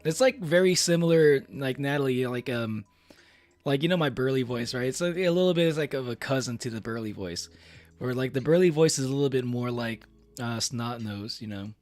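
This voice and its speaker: A man's voice: mid-range voice, a little fast, a little mellow, no echo. A young man streaming, chatting casually to his viewers in a rambling way, with many fillers and restarts and frequent laughs. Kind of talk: casual livestream chat.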